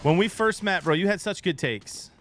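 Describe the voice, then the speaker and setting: A man's voice: high voice, moderate pace, slight background noise. A man streaming live, chatting casually with his viewers and getting worked up as he argues. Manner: animated, gets worked up arguing sports; talks to chat between gameplay. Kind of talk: casual livestream chat.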